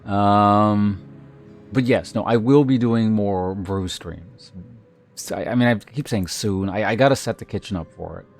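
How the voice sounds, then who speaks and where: Man streamer, low voice, loose rambling chat with viewers, restarts often, faint music underneath. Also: measured pace. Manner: rambling, with frequent restarts and filler words. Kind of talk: casual chat with live viewers.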